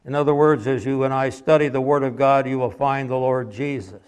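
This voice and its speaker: A man's voice: mid-range voice, steady tone, brisk, a little mellow, clean tone. Folksy man preaching a sermon. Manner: folksy, conversational preaching with anecdotes. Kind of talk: sermon with storytelling.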